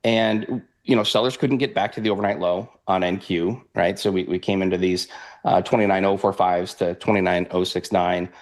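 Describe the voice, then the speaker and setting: A man talking through futures charts in a rambling, animated way, laughing often. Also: sits low, moderate pace. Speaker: futures trader guest. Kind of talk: casual market analysis chat.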